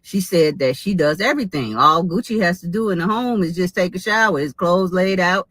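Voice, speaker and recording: A woman's voice: lowish voice, a little fast, a bit bright, no echo. Woman, opinion commentary, lecturing tone, repeats her points, dry close sound. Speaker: commentator in a played clip.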